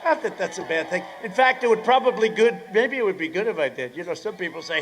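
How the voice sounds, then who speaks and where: Rambling older man shouting at a rally. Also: sits high, lively intonation, fast talker, few pauses. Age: 70s. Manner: rambling, sarcastic asides, repeats phrases; bursts into shouting. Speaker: politician addressing a rally. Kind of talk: rally speech.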